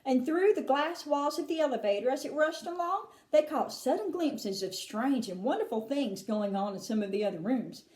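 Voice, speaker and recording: A woman teacher reading a children's book aloud in an expressive way, with chatty asides to her listeners. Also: sits high, moderate pace, few pauses. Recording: roomy echo.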